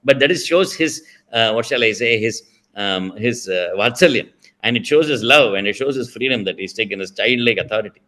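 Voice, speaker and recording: A man's voice: medium pitch, expressive, a little fast, sharp tone. A middle-aged man with an Indian accent telling and explaining a devotional story, digressing often with fillers and restarts. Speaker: spiritual speaker.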